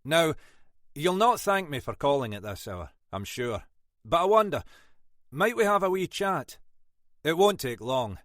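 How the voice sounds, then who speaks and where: A man reading an audiobook, voicing a shrewd older Scottish detective inspector in a dry, probing, quietly commanding manner. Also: fairly high pitch, sing-song, a little slow, no echo, pitched above the performer's own voice. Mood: polite, coaxing.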